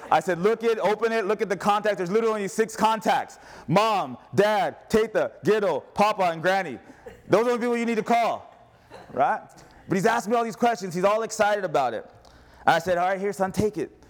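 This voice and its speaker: A man in his thirties delivers a sermon from the pulpit. His voice sits high, and he moves easily between sports talk and personal stories. He acts out dialogue and laughs along the way. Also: brisk. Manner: storytelling with laughs and quoted dialogue. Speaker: pastor.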